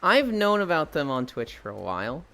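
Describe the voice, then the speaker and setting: Animated, rambling male streamer. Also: a little high, moderate pace, creaky. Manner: talks while exercising on a walking stream. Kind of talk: casual live-stream chat.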